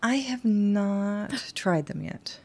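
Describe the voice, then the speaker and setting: A woman co-hosting a podcast in casual chat, playful and quick to laugh. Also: mid-range voice, animated. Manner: chatty, laughs often, playful. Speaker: podcast co-host.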